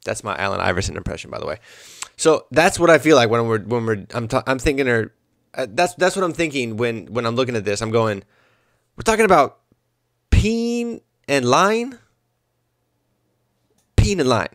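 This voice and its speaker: A man's voice: mid-range voice, fast, vocal fry, no room sound, clean studio sound. A young adult man hosting his own podcast, rambling through a comedic monologue. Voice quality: animated, rambling. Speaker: podcast host.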